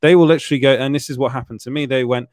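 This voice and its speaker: Young British male host, chatty and giggly, mid-pitched, dry close mic. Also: steady tone, very fast, a little mellow, no room sound. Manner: laughs often, rambling anecdotes with restarts. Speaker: podcast host. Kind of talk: casual chat.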